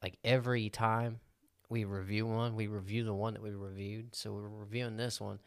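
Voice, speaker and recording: A man's voice: on the low side, level tone, normal speed, clear, resonant tone. Young man joking, laughing, tripping on words. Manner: joking, laughs often, trips over words. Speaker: podcast co-host. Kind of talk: casual chat.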